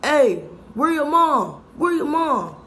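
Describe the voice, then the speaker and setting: A woman's voice: high voice, very animated, slow, sharp tone, a little hiss or hum, voice pushed up, exaggerated voice. A woman voicing a creepy young man at a window, mumbling and repeating himself in a raised voice. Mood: pushy.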